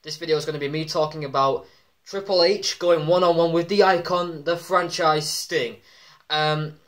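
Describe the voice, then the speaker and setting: Excitable male vlogger, slightly higher pitch, chatty commentary with filler ums. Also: moderate pace. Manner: excitable, many ums, acts out quoted shouts. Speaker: wrestling vlogger. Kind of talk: casual commentary vlog.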